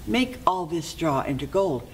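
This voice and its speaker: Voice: medium pitch, very animated, a little slow, a little hiss or hum, rough recording. A kind-hearted but greedy king who gives orders in a pleased, commanding way, as a storyteller puts him on. Spoken fairy-tale telling with faint room sound.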